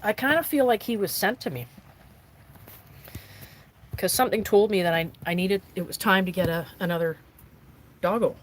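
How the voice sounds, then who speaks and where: A woman's voice: moderate pace, long pauses, a little hiss or hum, rough recording. A woman chatting on a live stream from inside her camper van, talking to her viewers and her dogs. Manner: chatty, with pitch jumping high when talking to the dogs. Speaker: vanlife vlogger on a livestream. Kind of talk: casual live-stream chat.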